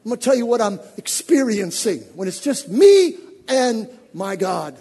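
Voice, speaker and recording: Male preacher, very high-pitched and raspy, dramatic pulpit delivery from hushed to shouting, big hall echo. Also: sing-song, normal speed. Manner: dramatic, swings from hushed asides to shouted exhortation; speaks directly to the congregation. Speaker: pastor. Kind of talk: sermon.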